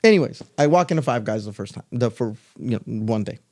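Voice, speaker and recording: A man's voice: medium pitch, fast. A middle-aged man and podcast co-host telling a story in casual chat, acting out other people's lines as he goes. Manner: animated, loose storyteller who acts out other people's lines.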